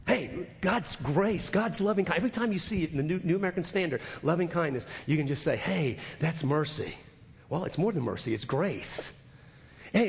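A man preaching a sermon as pastor, emphatic and swinging from quiet to loud, often repeating words as he goes. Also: on the high side, creaky, slight background noise. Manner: repeats words and restarts phrases. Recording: long hall reverb.

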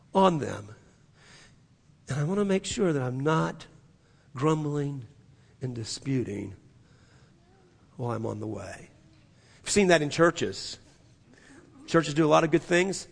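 A male pastor preaching a sermon in a church, swinging from loud, emphatic passages to near-hushed ones. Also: sits high, gravelly, long reverb tail.

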